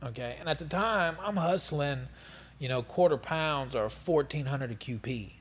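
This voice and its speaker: Animated man telling stories. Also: on the high side, moderate pace. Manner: animated, profane, laughs often, acts out quotes. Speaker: interview guest, rapper. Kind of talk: casual storytelling interview.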